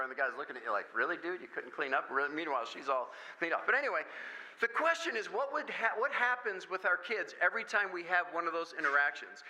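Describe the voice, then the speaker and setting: A man from Michigan speaking at a school parent meeting, telling jokey stories in an animated way. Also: a little high, rough recording. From Michigan, USA. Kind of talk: lively talk with stories.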